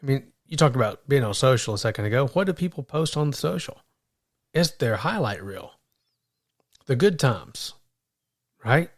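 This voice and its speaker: A man's voice: medium pitch, expressive, normal speed, pauses often. A man co-hosting a Christian podcast, telling stories animatedly, stumbling and repeating words as he starts sentences. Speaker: podcast co-host. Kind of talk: faith podcast conversation.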